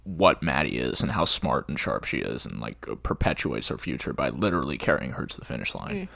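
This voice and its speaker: A man's voice: extremely low pitch, sing-song, a little fast, gravelly, fairly bright tone, no room sound, studio quality. A man co-hosting a podcast, chatting casually and enthusiastically about a favorite film. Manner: enthusiastic, quotes movie lines with light laughter. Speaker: podcast co-host.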